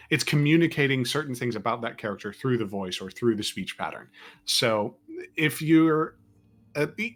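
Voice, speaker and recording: Brief: man podcast host, mid-range voice, thoughtful and halting. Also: mid-range voice, a bit bright. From East Texas, US. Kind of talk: casual chat.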